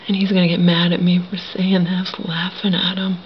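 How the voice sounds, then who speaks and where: A woman vlogger talking in a hushed whisper, bitter and full of profanity, in a personal monologue. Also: fairly low pitch, level tone, brisk, dull audio, a little hiss or hum.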